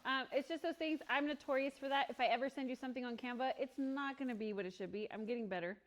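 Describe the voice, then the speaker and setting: A woman leading a real estate training session for a small group, chatty and quick to laugh, often acting out little bits of dialogue. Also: high-pitched. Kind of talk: workshop teaching.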